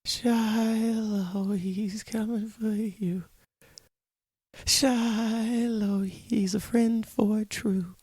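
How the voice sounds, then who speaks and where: Man doing a creepy horror-film nursery chant, slow, high, hushed sing-song, close and dry. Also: steady tone, breathy edge, no room sound, heavily acted. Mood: eerie.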